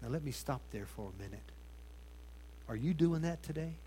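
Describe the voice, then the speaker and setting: Male pastor mid-sermon, dramatic shifts from booming emphasis to near-whisper. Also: lively intonation, normal speed, slight background noise. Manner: dramatic swings between loud emphasis and hushed tones; addresses congregation with rhetorical questions. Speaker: preacher.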